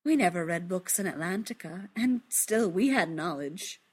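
A woman voicing a middle-aged queen who was once a mermaid, quiet and pleading, in a storybook reading. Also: lowish voice, expressive, moderate pace, husky. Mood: wistful.

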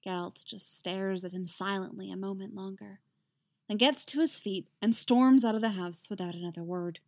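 A woman reading fiction aloud in a calm, unhurried storytelling manner. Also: medium pitch. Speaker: reader. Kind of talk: audiobook-style fiction reading.

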